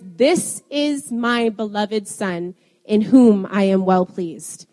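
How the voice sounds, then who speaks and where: Young woman preacher, lively and self-laughing, higher voice, reverberant hall sound. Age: young adult. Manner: animated, laughs often at herself. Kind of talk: sermon.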